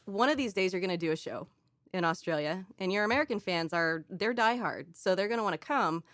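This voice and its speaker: A woman's voice: mid-range voice, expressive, a little fast, fairly bright tone, no room sound, studio quality. A woman radio host in a casual interview, playful and enthusiastic.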